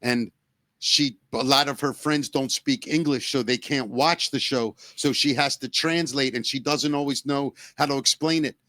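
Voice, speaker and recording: A man's voice: medium pitch, steady tone, moderate pace, bright, forceful tone, no echo. A man co-hosting a podcast, talking in a casual, emotional way and swearing freely. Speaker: podcast co-host. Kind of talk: casual chat.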